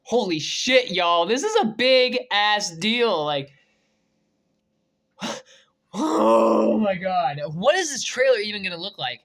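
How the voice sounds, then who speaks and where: An excitable young man talks through movie casting news in a casual vlog. His voice swings widely in pitch, and he curses freely and bursts into shouts of disbelief, then settles back into musing. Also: takes it slowly, pauses often. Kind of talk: casual reaction commentary.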